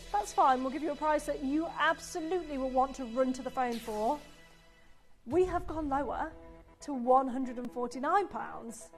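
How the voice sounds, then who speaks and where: A woman on a shopping channel enthusiastically pitches jewellery live and reads out viewer messages.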